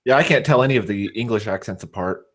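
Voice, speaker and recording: A man with a West Coast American accent chatting on a livestream. His voice is fairly low, and he pauses often on fillers while working his thoughts out. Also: a bit bright. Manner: halting, lots of "uh" fillers. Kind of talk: casual chat.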